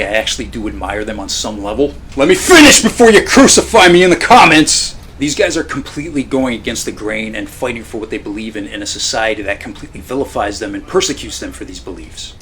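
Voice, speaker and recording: A man's voice: fairly low pitch, fairly bright tone, slight background noise. A man narrating a scripted film review in a blunt, opinionated way. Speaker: film review channel host.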